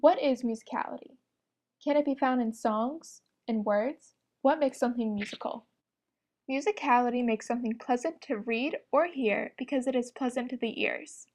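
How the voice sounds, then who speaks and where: A woman's voice: fairly high pitch, moderate pace, darkish tone. Woman narrating a prepared lesson. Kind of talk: scripted educational narration.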